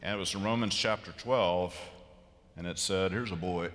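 A middle-aged man preaches in a big church, his low voice carrying a bright, forceful edge. He tells stories animatedly, jumping from quiet asides to loud bursts, and the long reverb of the sanctuary trails every phrase. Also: normal speed. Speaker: pastor. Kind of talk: sermon.

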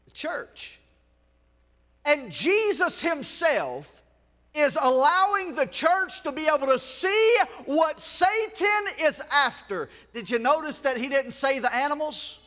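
A man with a Southern US accent preaching a sermon in a church, swelling into shouts and breaking off for joking asides to the congregation. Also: very high-pitched, sing-song, slow pace, long reverb tail. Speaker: pastor. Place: church sanctuary.

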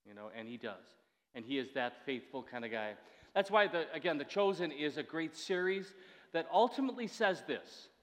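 A man's voice: fairly high pitch, lively intonation, moderate pace, big-room sound. A man in his sixties preaching a sermon in a chatty, conversational way, with asides and restarts. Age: 60s. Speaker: pastor.

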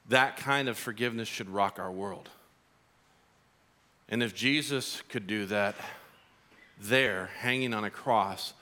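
A man preaching a sermon as pastor, telling stories in an animated way and rising to emphatic peaks. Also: lowish voice.

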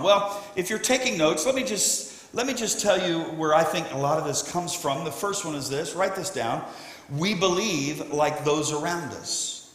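A male pastor delivers an emphatic sermon, driving his points home and swelling to shouts. His voice sits high for a man. The sound is echoey, with a long reverb tail like a large church hall. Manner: emphatic preaching that swells to shouting on key lines. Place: church sanctuary.

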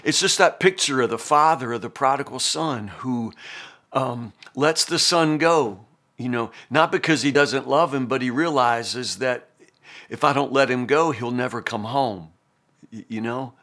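A man's voice: medium pitch, a little slow, bright, forceful tone. A middle-aged man teaching the Bible as a pastor, earnest and full of restarts and fillers. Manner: earnest, repeats words, many fillers.

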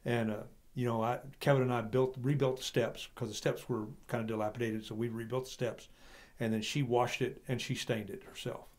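A man's voice: mid-range voice, flat delivery, a little fast. A man co-hosting a Bible discussion, mostly agreeing and sharing a personal story in casual talk. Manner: agreeable, brief affirmations. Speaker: co-host. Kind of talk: casual chat.

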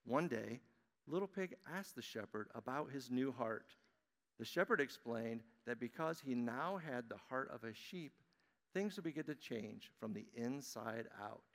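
A man giving a children's message in church, reading a storybook aloud to children in a friendly, animated way. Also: medium pitch, a little slow. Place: church sanctuary. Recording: long church-hall reverb.

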